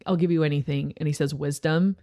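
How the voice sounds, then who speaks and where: A woman's voice: low-pitched, fairly even intonation, fast talker, mellow. A young woman who is a youth pastor, talking casually and earnestly on a podcast, with many filler words.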